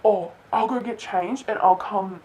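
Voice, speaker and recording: A woman's voice: medium pitch, unhurried, a little mellow, lightly acted. A woman voicing a pushy teenage boy who won't take a hint, in a casual, matter-of-fact way.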